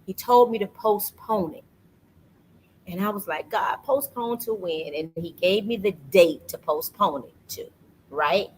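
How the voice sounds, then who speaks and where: A woman talks casually about faith, telling a personal story with lively energy. She acts out the voices of people she quotes. A faint background hum sits under her voice. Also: medium pitch, measured pace, low-quality recording. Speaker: podcast host. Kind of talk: casual faith testimony chat.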